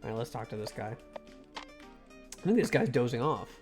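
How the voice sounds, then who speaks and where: A man's voice: mid-range voice, sing-song, moderate pace. A man streaming a game, chatting casually and irreverently with his chat. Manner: irreverent, joking, stops to thank chat. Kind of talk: casual live-stream commentary while reading a game aloud. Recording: faint music behind the voice.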